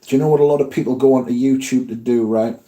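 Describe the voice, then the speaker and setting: A man with a mellow, warm, relaxed voice hosts a casual livestream from home. He rambles, swears freely and reads viewer comments aloud between his own asides. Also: mid-range voice, quick pace. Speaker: fragrance livestream host.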